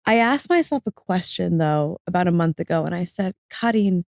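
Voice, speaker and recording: A woman's voice: fairly low pitch, expressive, normal speed, vocal fry, few pauses, darkish tone, dry recording. Woman, interview guest, earnest, confessional, tearful, dry close sound. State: tearful, emotional. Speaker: podcast guest, author. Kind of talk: candid personal interview.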